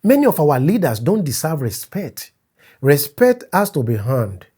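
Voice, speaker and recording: A man's voice: a little high, very animated, unhurried, dark tone, husky. A man from Africa giving an emphatic opinion vlog, repeating his key points and stressing words as he goes. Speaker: commentator.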